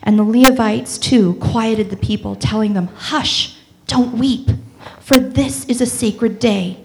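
A woman reading a scripture passage aloud in church, measured and solemn. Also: fairly high pitch, vocal fry, poor audio. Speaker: scripture reader.

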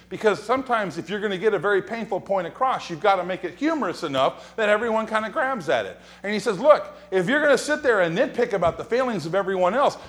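A man preaching a sermon as pastor in a church sanctuary, telling humorous stories and acting out quoted lines. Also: high-pitched. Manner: animated, joking storyteller who acts out quotes and whispers.

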